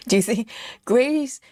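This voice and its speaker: A woman's voice: on the high side, darkish tone, dry recording, studio quality. A woman hosting a live cross-stitch stream, chatting casually, laughing often and thinking aloud as she stitches. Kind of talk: live stitch-along chat.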